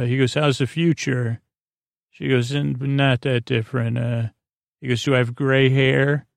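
A man's voice: medium pitch, vocal fry, no room sound, studio quality. A man hosting a sleep podcast, retelling an episode in a meandering, hesitant way with many "uh"s and restarts. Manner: rambling and hesitant, full of "uh" and restarts. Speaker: podcast host.

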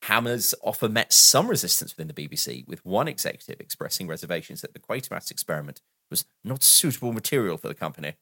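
Male podcast co-host, lowish animated voice, dry close sound, wry reader of notes. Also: quick pace, few pauses, no echo. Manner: reads film background aloud with wry asides and frequent laughs. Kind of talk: casual film podcast chat, reading notes aloud.

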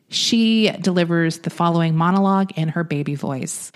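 A chatty woman co-hosting a podcast, recapping a story with frequent laughs and a lot of "like." Her voice sits a little low. She sounds loose and conversational. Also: steady tone, moderate pace, hardly any pauses. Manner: chatty, laughs often, lots of "like". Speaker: podcast co-host. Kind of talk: casual chat recapping a story.

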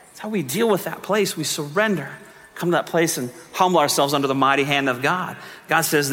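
A man preaching a sermon as pastor, moving from quiet teaching to fervent, almost shouted appeals. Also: fairly high pitch, fairly quick, long reverb tail.

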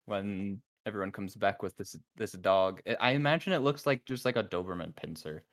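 A man's voice: on the low side, brisk. Man narrating as dungeon master. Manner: relaxed, laughing, describing scenes. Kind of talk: narrating a tabletop game.

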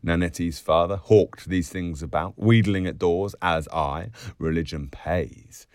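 A man reading a novel aloud in an expressive, musical way, dropping to a whisper at times. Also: low voice, a little slow, dry recording, studio quality. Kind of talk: audiobook narration.

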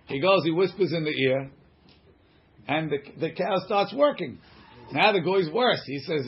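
Male teacher in a casual study class, translating line by line, husky voice, slightly higher pitch, dull lo-fi recording. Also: lively intonation, fairly quick. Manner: conversational, translating passages line by line. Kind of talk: informal text-study class.

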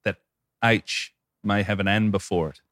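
A man's voice: fairly low pitch, steady tone, normal speed, fairly bright tone, dry recording, studio quality. An Australian man co-hosting a podcast, chatting and reading listener messages aloud in an upbeat way. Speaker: podcast co-host.

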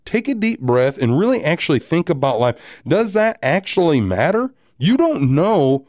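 A man hosting a podcast, telling a story in a casual, animated, profane and wry way. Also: a little high, moderate pace, dry recording, clean studio sound. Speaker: podcast host.

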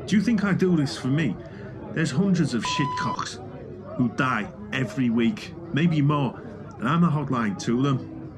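A man's voice: mid-range voice, huge pitch swings, measured pace, crowd noise, pitched above the performer's own voice. A man voicing a crude, touchy male television medium who bursts out indignantly and swears.

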